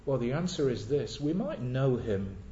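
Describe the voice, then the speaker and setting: A man's voice: medium pitch, lively intonation, moderate pace, warm tone, slight background noise. A man preaching a sermon earnestly, asking rhetorical questions and repeating key words for emphasis. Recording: echoey, dull lo-fi church recording.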